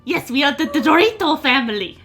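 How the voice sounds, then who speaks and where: A woman voicing an excitable small male goblin prisoner who talks in broken, eager phrases. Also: a little fast, loud music behind the voice. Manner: broken speech, eager, squeaky.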